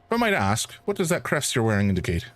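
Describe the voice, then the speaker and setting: A man's voice: mid-range voice, huge pitch swings, fast talker, a bit bright. A man reading the lines of a blunt, skeptical male detective in his own voice. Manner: blunt, questioning.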